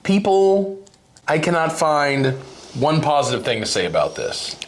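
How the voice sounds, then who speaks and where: A man's voice: on the high side, very animated, measured pace. A man hosting a casual snack-tasting video, joking and complaining in an exaggerated way. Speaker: channel host tasting snacks.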